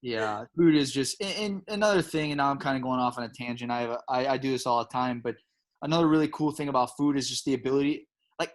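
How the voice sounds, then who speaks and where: A man's voice: medium pitch, fast talker. A middle-aged man from Chicago with a Chicago accent, chatting casually as a guest with lots of restarts and enthusiasm. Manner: enthusiastic, rambling with many restarts. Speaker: guest, home pizza maker. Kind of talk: casual chat.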